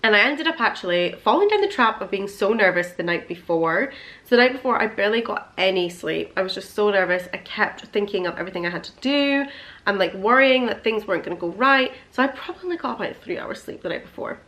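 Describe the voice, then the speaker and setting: Young woman vlogger, chatty and gushing, emotional storytelling, mid-pitched. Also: animated, fast, fairly bright tone. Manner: gushing, emotional, full of fillers.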